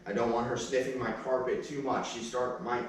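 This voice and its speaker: A man's voice: mid-range voice, level tone, a little fast, far from the mic, slight background noise. A man working as a dog trainer, talking casually while he demonstrates and barks short commands at a dog. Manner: plain-spoken, gives sharp short commands to a dog. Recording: very echoey room, voice from off-mic.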